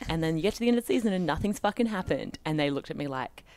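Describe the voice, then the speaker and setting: A woman's voice: sits low, animated, rapid-fire, a little mellow. A young Australian woman co-hosting a podcast, chatting casually, swearing a lot and laughing at herself. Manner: sweary, giggly, self-mocking. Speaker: podcast co-host. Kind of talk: casual chat.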